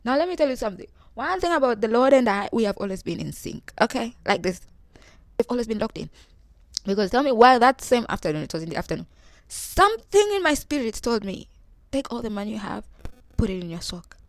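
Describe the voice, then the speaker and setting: A young woman from Tanzania tells a funny personal story. She acts out the voices of everyone in it, and her pitch swings widely. The sound is close and dry, with no room echo. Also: quick pace. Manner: animated, acts out quoted voices. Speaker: vlogger. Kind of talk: humorous storytelling.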